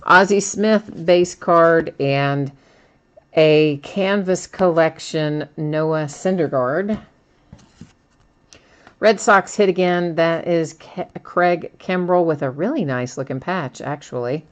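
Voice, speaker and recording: A woman with a low voice hosts a live trading-card break. She chats casually, laughs often and reads out viewers' comments as she opens packs. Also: takes it slowly. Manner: chatty, laughs often, reads chat aloud.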